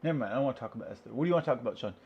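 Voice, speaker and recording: A man's voice: mid-range voice, animated, very fast. A man venting in a rambling solo rant at home, asking and answering his own questions and swearing freely. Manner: rambling, profane, talks to himself. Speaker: vlogger. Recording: dull lo-fi recording.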